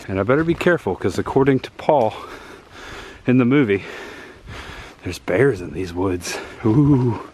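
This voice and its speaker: A man's voice: medium pitch, a little hiss or hum. A man narrating a casual walk-and-talk vlog outdoors in the woods, pointing things out as he goes, filmed on a handheld camera. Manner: enthusiastic, pointing things out as he walks. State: out of breath. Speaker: vlogger touring filming locations.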